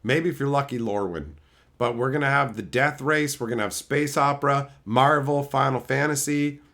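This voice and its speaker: A man's voice: normal speed, vocal fry. A middle-aged man hosting a casual livestream, swearing freely and bouncing between chat topics. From Canada. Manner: animated, swears a lot, mimics chatters in high silly voices. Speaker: livestream host.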